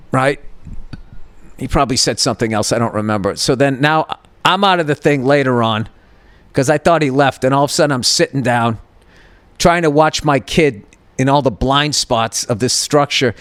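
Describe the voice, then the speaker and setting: A man's voice: mid-range voice, normal speed, long pauses, fairly bright tone, smooth, no echo. A man in his fifties, a podcast host, telling a comedic story in a profane, exasperated rant and acting out both sides of an argument.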